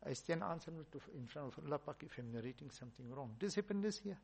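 A man, a religious teacher, giving a storytelling sermon with emphatic rises and soft asides. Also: a little high, quick pace, gravelly, few pauses, slightly rough.

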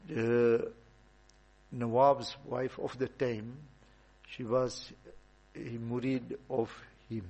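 A man's voice: medium pitch, gravelly, darkish tone, breathy edge, poor audio. A man giving an informal religious talk, telling stories and repeating points for emphasis. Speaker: religious teacher.

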